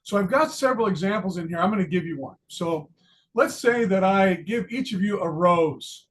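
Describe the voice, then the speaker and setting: A man's voice: high voice, expressive, moderate pace. An older retired man giving a casual psychology lesson, chatty and joking about himself, with many ums and restarts. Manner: chatty, self-deprecating, many fillers and restarts. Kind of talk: casual lecture video.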